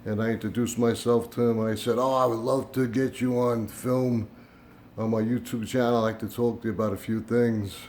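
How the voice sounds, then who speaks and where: A man's voice: medium pitch, a little fast, a little hiss or hum. An older man hosting his own channel, telling a long story in a casual, meandering monologue full of fillers and retold dialogue. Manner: meandering storytelling with fillers, voice rising into animated retelling. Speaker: YouTube channel host. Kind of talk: casual rambling monologue to camera.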